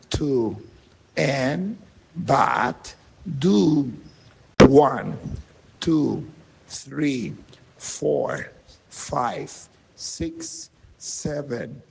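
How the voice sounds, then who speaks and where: A man teaching an English lesson, drilling words and short phrases in a slow, deliberate way with a husky voice. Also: medium pitch, darkish tone, big-room sound.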